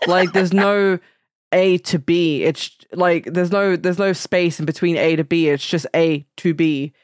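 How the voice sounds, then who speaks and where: Woman, podcast co-host, fairly low voice, chatty and keen in casual film talk. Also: fairly even intonation, a little mellow, no echo, clean studio sound. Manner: chatty, quick to laugh, enthusiastic. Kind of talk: casual film review chat.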